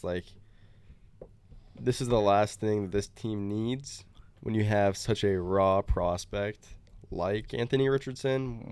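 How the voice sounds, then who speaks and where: A man's voice: lowish voice, darkish tone, clear, resonant tone. A young man co-hosting a casual sports podcast, talking hesitantly with many fillers. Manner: hesitant, lots of fillers and restarts. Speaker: podcast co-host.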